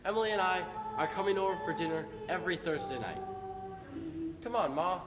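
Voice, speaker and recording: A man's voice: sits high, lively intonation, a little fast, loud music behind the voice. A young man playing a nervous, earnest young groom in a live stage play. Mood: pleading. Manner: earnest, pleading. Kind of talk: live amateur stage acting. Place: theater stage. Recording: noisy echoey hall from far off.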